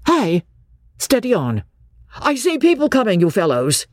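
A woman reading a novel aloud, voicing an older clergyman with high, excited calls. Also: drawn-out words, dry recording, clean studio sound, exaggerated voice. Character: fussy older clergyman calling out.

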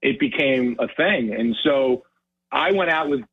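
A man calling in to a radio show as a tackle company guest, telling a fishing story with lively, acted-out quotes. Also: medium pitch, a little slow, slightly rough. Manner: animated storyteller, acts out quotes. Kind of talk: phone-in radio interview. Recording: tinny phone line.

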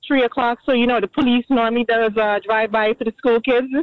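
A woman's voice: a little high, fairly even intonation, quick pace, no room sound. A woman calling in to a radio show, chatty and laughing at herself. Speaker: caller. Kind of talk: phone-in conversation. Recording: phone line into radio studio.

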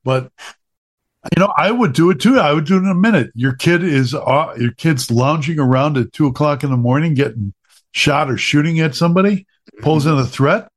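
A man's voice: on the high side, moderate pace. A man hosting a talk show, blunt and wry, telling anecdotes as he talks. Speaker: podcast host. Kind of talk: opinionated talk show chat.

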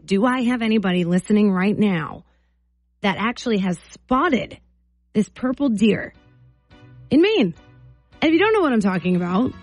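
A woman's voice: a little high, darkish tone. A woman hosting a morning radio show, chatting casually and teasing callers in a studio. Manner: teasing, chatty, laughs often.

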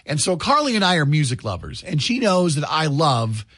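A man's voice: a little high, big pitch swings, moderate pace, a bit bright, breathy edge, no echo, clean studio sound. A man, hosting a morning radio show and chatting about his family in an upbeat way. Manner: chatty, upbeat, tells home stories. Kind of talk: morning radio chat and announcements. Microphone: studio microphone, dry booth.

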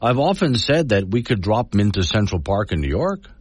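A man's voice: fairly low pitch, sing-song, brisk, slightly rough, dry recording. A man hosting a talk show, giving folksy, argumentative commentary and reading news quotes aloud. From Wyoming. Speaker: talk radio host. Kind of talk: opinionated talk radio commentary.

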